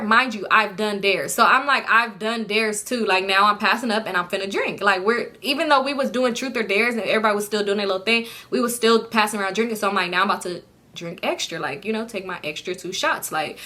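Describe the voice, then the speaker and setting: A young woman casually telling a storytime vlog, profane and animated, acting out what others said. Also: mid-range voice, a little fast. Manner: animated, profane, acts out quotes. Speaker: storytime vlogger.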